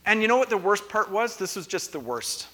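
A man's voice: high-pitched, big pitch swings, brisk, bright, forceful tone. A young adult man preaching a conversational sermon, playful and chatty as he teases the congregation. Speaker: pastor. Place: church sanctuary. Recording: long hall reverb of a church.

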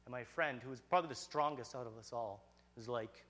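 A man telling a personal story in an animated, excitable way, with frequent restarts. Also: mid-range voice, a little fast, a little hiss or hum.

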